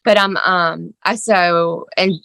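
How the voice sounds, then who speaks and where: A middle-aged woman telling the story of her son's crisis as a mother, shaken and halting, with many fillers. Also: fairly low pitch, fairly even intonation, vocal fry, pushed and bright, clean tone, no room sound. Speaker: mother of a teen son. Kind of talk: emotional personal account.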